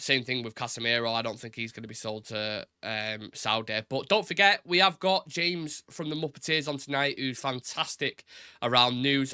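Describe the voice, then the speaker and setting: A man's voice: medium pitch, bright, forceful tone, smooth, no echo, clean studio sound. A young man hosting a casual live-stream football chat, talking loosely with repeated words and stop-start phrasing. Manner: chatty, repeats words, says "innit", reads chat aloud.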